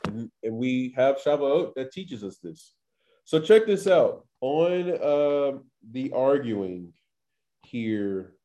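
A man's voice: mid-range voice, big pitch swings, slow, dark tone, muffled recording. Chatty man teaching scripture casually. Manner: chatty, full of "like" and acted-out quotes. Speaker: Torah teacher. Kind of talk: casual scripture study talk.

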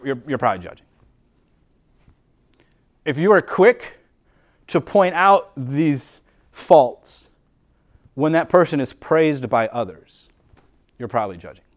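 A man preaching a sermon in a casual, conversational way, repeating words often and acting out quoted thoughts. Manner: acts out quoted inner voices with rising pitch and volume. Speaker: pastor.

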